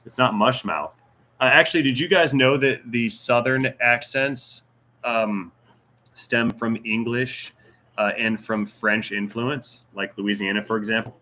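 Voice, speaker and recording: A man's voice: mid-range voice, steady tone, measured pace, pushed and bright. Joking man hosting a live Q&A. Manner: joking and teasing, rambling asides. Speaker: YouTube channel host. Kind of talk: casual livestream Q&A reading chat.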